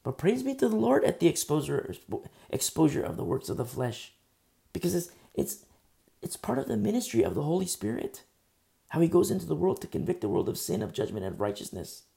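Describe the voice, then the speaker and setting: Gravelly mellow-voiced man preaching. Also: fairly high pitch. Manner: emphatic, rhetorical questions. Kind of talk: conversational sermon.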